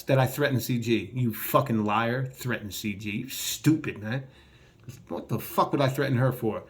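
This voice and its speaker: A man ranting in a response video, combative and profane, speaking straight to his viewers. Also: mid-range voice. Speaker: online commentator. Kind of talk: heated response video rant.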